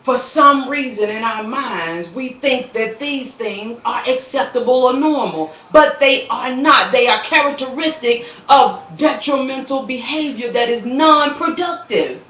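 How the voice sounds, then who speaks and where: A woman delivering an impassioned, preaching-style appeal on a live stream, repeating phrases and quoting scripture, swelling into shouts and dropping soft, recorded on a phone. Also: high-pitched, unhurried, hardly any pauses. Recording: roomy, distant, dull phone recording.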